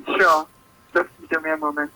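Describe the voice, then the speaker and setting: A man making a scripted tech support pitch over the phone, pushy and in broken English. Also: normal speed, pushed and bright. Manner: insistent, broken English phrasing. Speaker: fake tech support caller. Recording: tinny phone line.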